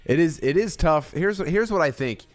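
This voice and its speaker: Casual streamer, young man, lively swooping delivery, soft music under. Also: fairly high pitch, normal speed. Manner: rambling, swearing, laughs a lot.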